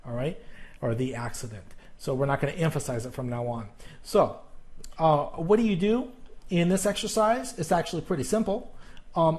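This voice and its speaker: A man teaching a pronunciation lesson, explaining slowly with fillers and repeated examples. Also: fairly high pitch, a little mellow.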